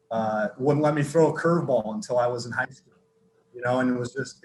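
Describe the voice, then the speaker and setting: A man from Northern California, a football strength coach telling his story casually in a podcast interview, relaxed and rambling with lots of fillers and restarts. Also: medium pitch, slight background noise. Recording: echoey room with faint ambience.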